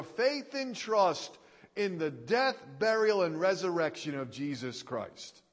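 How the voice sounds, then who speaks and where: A man's voice: sits high, lively intonation, slow pace. A male preacher giving a sermon in a folksy way, repeating key phrases for emphasis, heard with a long hall reverb.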